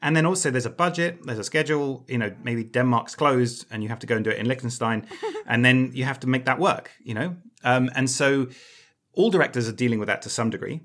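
Man, podcast co-host, bright forceful tone, chatty, explains things. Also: medium pitch, fairly quick. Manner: chatty, explains industry matters, self-deprecating jokes. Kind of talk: casual explanatory chat.

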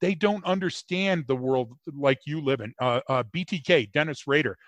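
Higher-voiced joking male podcast host. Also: moderate pace, dry recording. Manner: animated, joking, rambling with repeated restarts. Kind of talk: casual conversational podcast.

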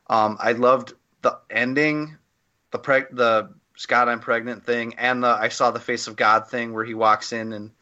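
A man's voice: mid-range voice, bright, forceful tone, lo-fi sound. A man co-hosting a casual podcast discussion, giving an opinionated, rambling critique full of fillers and restarts. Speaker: podcast co-host.

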